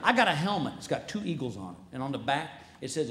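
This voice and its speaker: A man doing stand-up comedy, telling self-mocking stories in an animated way and laughing at his own jokes. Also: medium pitch, fast, echoey room, very noisy. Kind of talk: stand-up storytelling.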